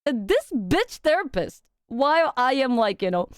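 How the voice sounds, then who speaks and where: Here a young woman livestreams, animated and relaxed, with frequent laughter, deliberate swearing, and rapid bits of Japanese. Her high-pitched, sing-song voice has a clean tone, with no room sound in the clean studio recording.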